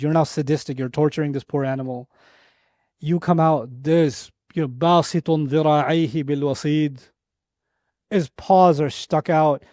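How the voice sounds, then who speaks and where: A man giving an Islamic lecture on Quran verses, telling an animated story, repeating phrases for emphasis and reciting Arabic verses quickly. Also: on the high side, dry recording, studio quality.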